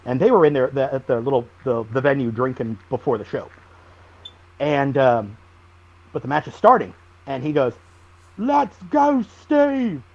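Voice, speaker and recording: A man, a wrestling guest on a podcast, telling stories in a lively, animated way. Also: mid-range voice, normal speed, long pauses, lo-fi sound. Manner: animated storyteller, acts out shouted quotes. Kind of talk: casual storytelling interview.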